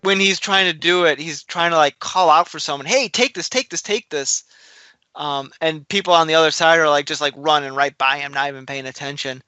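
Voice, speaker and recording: A man's voice: a little high, fairly even intonation, brisk, few pauses, pushed and bright, smooth, dry recording. A man co-hosting a podcast in casual chat, rambling and laughing at his own slips. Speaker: podcast co-host.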